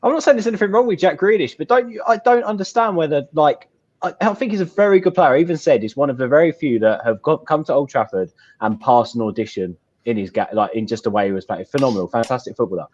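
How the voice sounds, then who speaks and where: Animated sweary man on a video call. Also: on the high side, quick pace, muffled recording. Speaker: podcast co-host. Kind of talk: casual football chat.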